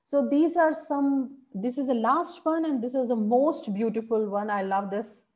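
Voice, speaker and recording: A woman teaching public speaking in an online workshop, animated and encouraging, asking her audience questions. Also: on the high side, unhurried.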